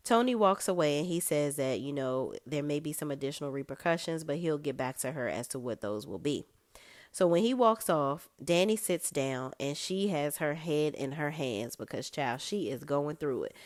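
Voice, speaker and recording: A woman's voice: low-pitched, animated, moderate pace, a little mellow, no echo. A woman recapping a TV episode in a casual, sassy, blunt way, full of slang. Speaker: TV recap vlogger.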